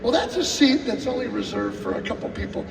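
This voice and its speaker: With a very high-pitched, gravelly voice and a slightly fast delivery, a drummer animatedly tells stories at a live clinic, impersonating people and singing drum cues. A distant mic picks him up in a reverberant hall, with faint music and a bit of background noise.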